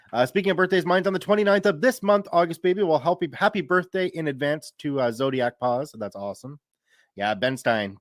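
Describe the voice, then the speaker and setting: Clean studio sound with no echo captures a man in his thirties at medium pitch. He streams and reads stories, and here he's casually going through viewer comments on a live stream, laughing with ease.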